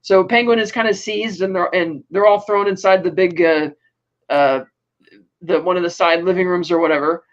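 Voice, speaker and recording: A man's voice: high voice, fairly even intonation, normal speed, muffled recording. A man co-hosting a podcast, recapping a TV episode in a rambling way with many fillers. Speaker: podcast co-host.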